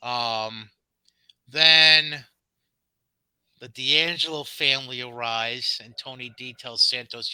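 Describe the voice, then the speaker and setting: Sarcastic bright-voiced podcast man. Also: mid-range voice, takes it slowly, pauses often, clean tone, no room sound, poor audio. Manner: sarcastic, dismissive asides, frequent ums. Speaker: podcast co-host. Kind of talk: casual wrestling recap chat.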